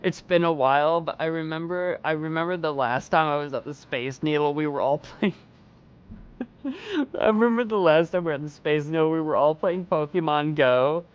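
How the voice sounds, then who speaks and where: A man streaming a game, chatting excitably and breaking into loud, incredulous exclamations. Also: on the high side, normal speed, clean tone, dull audio. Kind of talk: let's play commentary.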